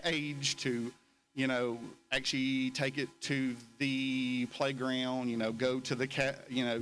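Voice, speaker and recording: A man's voice: mid-range voice, a bit bright. A man, an elementary school principal, reporting to a school board meeting with many fillers and restarts.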